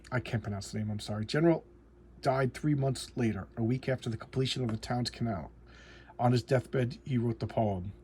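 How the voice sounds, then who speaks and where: A man hosting a comic book channel, retelling a story in a halting, emotional way and often repeating words. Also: medium pitch, darkish tone, a little hiss or hum.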